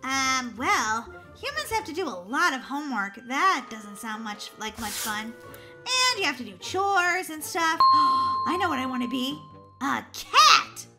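A woman's voice: high-pitched, huge pitch swings, measured pace, exaggerated voice. A woman voicing a silly young girl turned into a cat, giggly and goofy, full of meows. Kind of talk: voiced game role-play. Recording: music playing behind.

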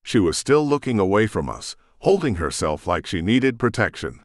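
A man narrating a first-person audiobook with a deep voice and lively, dramatic pitch movement. He sits close to the mic, and the recording is dry with no room echo. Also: normal speed.

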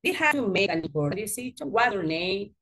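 Lively woman teaching English. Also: medium pitch. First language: Spanish. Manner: slow, patient explaining with lively emphasis. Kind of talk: online grammar lesson. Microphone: video call.

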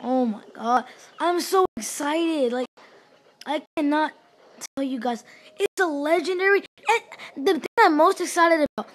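A high-pitched woman narrates her own gameplay in a hyper, gushing rush. She repeats her exclamations over and over and jumps from loud cheering to low mumbled asides. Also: measured pace. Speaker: gaming channel host. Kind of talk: excited gameplay commentary.

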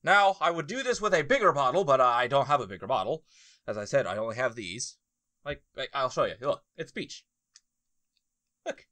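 A man hosting a gaming video, talking casually as he plays, loud and excitable, exclaiming and groaning often. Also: mid-range voice, moderate pace, dry recording. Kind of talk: casual gameplay commentary.

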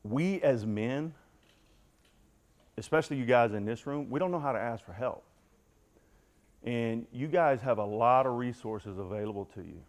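A man's voice: mid-range voice, normal speed, long pauses. A middle-aged man giving a candid personal recovery talk to a football team, telling his story and addressing the room directly. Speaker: motivational speaker.

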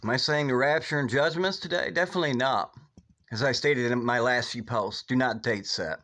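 A man from the United States hosting his own video, talking urgently and over and over saying "guys" and "okay", getting loud and high when worked up. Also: fairly quick. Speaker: video host. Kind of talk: preachy casual vlog talk. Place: outdoors in northwest Ohio.

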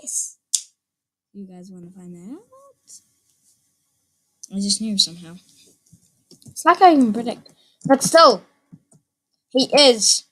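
Woman, let's play commentary, high voice, swooping, slow-paced, excitable, repetitive. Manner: excitable, repeats phrases, sudden yelps. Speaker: gaming channel host.

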